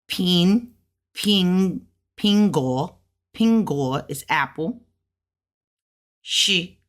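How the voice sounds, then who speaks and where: A woman's voice: fairly low pitch, animated, very slow. A woman teaching herself Mandarin in a casual lesson. She sounds out syllables and repeats each one several times, thinking aloud when she is unsure. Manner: thinks aloud, unsure of her own pronunciation. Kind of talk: casual self-study lesson.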